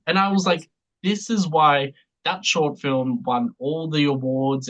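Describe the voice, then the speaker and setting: A podcast co-host chatting casually, telling stories in an animated way, laughing often and speaking bluntly. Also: medium pitch, dull audio.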